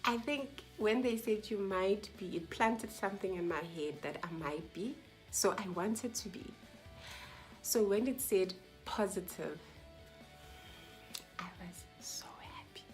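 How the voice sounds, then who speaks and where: A young woman vlogger telling a personal story to camera in a casual, animated way, acting out what people said and sometimes dropping to a whisper. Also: mid-range voice. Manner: animated, acts out quoted dialogue, drops to whispers.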